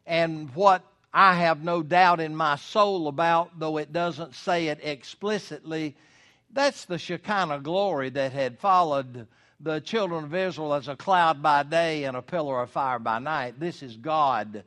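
A man preaching a sermon in an earnest, folksy way, rising to loud emphasis at key points. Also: fairly high pitch, unhurried. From United States.

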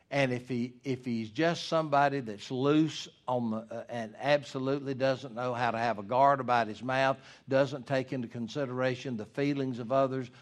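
A middle-aged man, preaching a sermon as pastor, swinging from loud emphasis to hushed asides. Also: medium pitch.

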